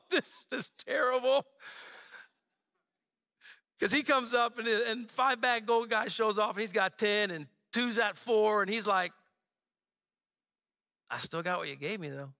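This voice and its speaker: A man preaches from the pulpit with a very high, bright voice. He talks in a loose, conversational way, cracking jokes and slipping in asides to his church. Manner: conversational and joking, with frequent asides. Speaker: pastor. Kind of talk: sermon. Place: church sanctuary.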